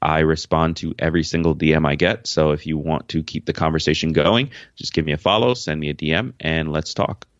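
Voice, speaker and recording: A man from Jamaica talks as an interview guest in a frank, easygoing way. His voice sits extremely low. The recording is dry and a little dull. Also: fairly even intonation, fairly quick, hardly any pauses, dry recording. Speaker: podcast guest. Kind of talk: casual interview answers.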